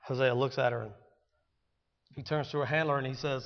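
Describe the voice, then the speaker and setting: Guy preaching a sermon, goes quiet then yells, kinda muffled, echoey church hall. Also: mid-range voice, fairly even intonation, fairly quick, vocal fry, pauses often. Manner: dramatic, swings from hushed to shouting. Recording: dull sound with long hall reverb.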